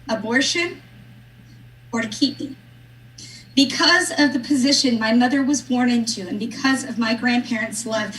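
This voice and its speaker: A woman's voice: a little high, sharp tone, distant mic, slight background noise, rough recording. A woman in her thirties, a political candidate, giving an earnest, personal speech on a live stream with a touch of humor. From Nebraska. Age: 30s. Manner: earnest, personal, lightly joking.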